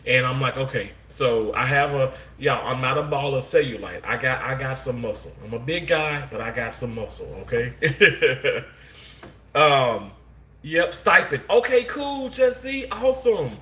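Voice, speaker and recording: A man's voice: medium pitch, unhurried, bright, forceful tone. Heartfelt man chatting to a livestream, echoey room. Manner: rambling, heartfelt, many restarts and fillers; Southern-flavored speech, says y'all. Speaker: livestream host. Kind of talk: casual chat to live chat viewers. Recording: roomy echo.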